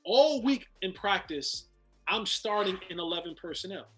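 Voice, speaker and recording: A man's voice: high-pitched, animated, moderate pace, a bit bright, soft background music. A man, a former football player, telling a long story as a guest in casual chat, restarting and repeating words as he goes.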